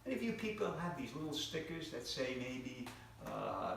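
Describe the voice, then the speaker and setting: A man's voice: medium pitch, very animated, moderate pace, creaky, a bit bright, a little hiss or hum. A male stand-up comedian on stage, teasing and quizzing the audience. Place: live stage before an audience. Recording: echoey hall from far off.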